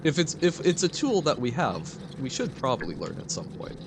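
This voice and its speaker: A man's voice: mid-range voice, huge pitch swings, normal speed, background noise. A man streaming a video game, chatting casually and reading chat aloud with frequent giggles. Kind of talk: casual gameplay commentary.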